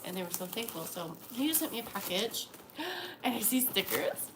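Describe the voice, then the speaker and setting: A woman's voice: on the high side, very animated, fairly quick, fairly bright tone, roomy sound. A young woman live-streaming a casual unboxing from home, gasping and gushing with delight as she talks to her viewers. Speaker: livestreamer. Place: home at night. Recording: noisy home stream audio.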